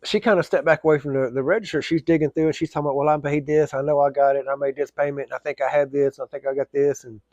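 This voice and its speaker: A man's voice: fairly high pitch, fairly even intonation, racing, few pauses, darkish tone, dry recording, dull audio. A man telling a casual, rambling story, full of fillers and restarts.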